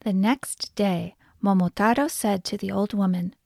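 A woman telling a folk tale aloud for children, gentle and expressive. Her voice sits at an ordinary middle pitch. The recording is close and dry, with no room sound. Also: a little slow, vocal fry, no echo. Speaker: storyteller. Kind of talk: scripted storybook narration.

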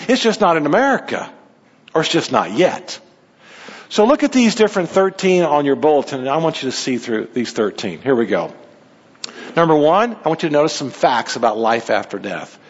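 Male pastor, high voice, animated preaching; muffled recording in a reverberant hall. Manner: animated preaching with sudden pitch swings. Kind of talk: sermon. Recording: dull sound in a reverberant hall.

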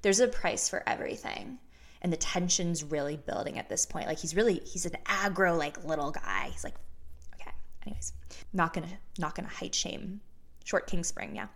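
A young woman in her twenties talks straight to camera as a casual storyteller. Her voice sits a little low for a woman. She is candid and chatty, swears freely, and restarts her sentences as her thoughts catch up. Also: lively intonation, moderate pace, a bit bright. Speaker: vlogger.

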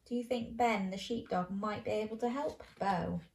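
A woman's voice: medium pitch, normal speed, creaky, roomy sound, background noise. A woman hosting a children's show, reading a bedtime story aloud playfully and asking the listener questions.

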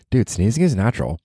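Low, animated man, comedian host, swears a lot, mocks himself, dry close sound. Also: no echo. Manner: profane, self-mocking, jokey. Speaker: podcast host and stand-up comedian. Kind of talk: casual solo podcast rambling.

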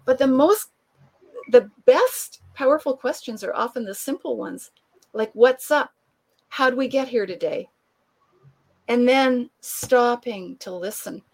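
A woman guest telling a long anecdote in conversation, animated and laughing often, acting out the people she quotes. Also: on the high side, unhurried, vocal fry. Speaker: author and guest. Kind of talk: conversational storytelling.

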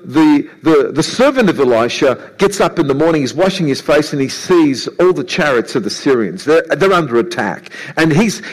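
A man preaching a sermon to a congregation, animated and lively, acting out Bible characters' voices in his story. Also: fairly high pitch, rough recording.

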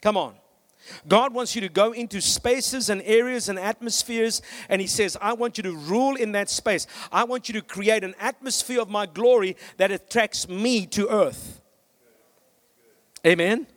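Brief: fired-up male preacher with a high voice who tells stories from the pulpit and rallies the crowd. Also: moderate pace. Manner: energetic, with storytelling and "come on" calls to the congregation. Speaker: pastor. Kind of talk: preaching a sermon.

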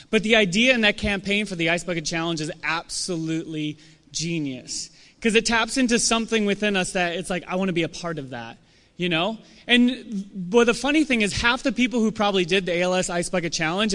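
A young man giving a casual, animated sermon to a church audience, acting out quoted voices as he talks. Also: sits high. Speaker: church speaker. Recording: long hall reverb.

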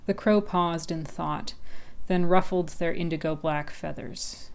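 A woman narrating a story in a calm, even way. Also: deep voice, a little slow, vocal fry.

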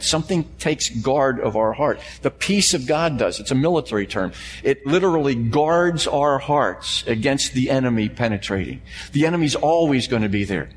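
Preaching man in a reverberant hall. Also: mid-range voice. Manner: emphatic preaching, repeated phrases, questions to the congregation. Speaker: pastor. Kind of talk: sermon. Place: church sanctuary before a congregation. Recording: long hall reverb with faint hum.

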